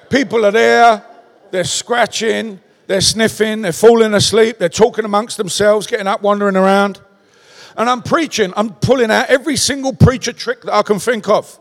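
A Cockney man from London preaches with a high voice, telling stories with lively flair and calling out to the congregation. His voice rings through a church auditorium with a long, lingering reverb. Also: creaky. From London, England. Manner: animated storytelling with crowd call-outs. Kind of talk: sermon.

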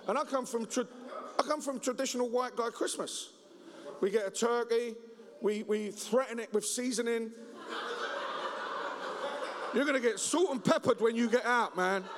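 A man preaching a humorous Christmas sermon, joking and telling stories in an animated way. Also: very high voice, normal speed, long pauses, crowd noise. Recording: reverberant hall.

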